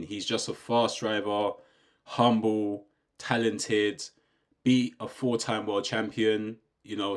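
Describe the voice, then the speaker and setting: A British man giving a casual, opinionated rant, asking rhetorical questions and often checking in with his listener. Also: on the low side. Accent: British English. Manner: conversational, rhetorical questions, says "do you know what I mean" often. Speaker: YouTube commentator.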